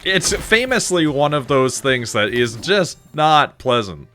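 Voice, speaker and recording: A man's voice: mid-range voice, sing-song, a little slow, sharp tone, faint music behind. A man chatting casually during a gaming stream, making blunt, dry asides. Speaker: streamer co-host. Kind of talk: casual chat while gaming.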